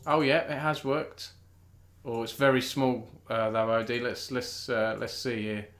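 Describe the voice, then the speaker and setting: A man's voice: mid-range voice, steady tone, unhurried, a bit bright, roomy sound, soft background music. A British man hosting a casual live-streamed esports news chat. He talks in a chatty way, restarts often and thinks aloud.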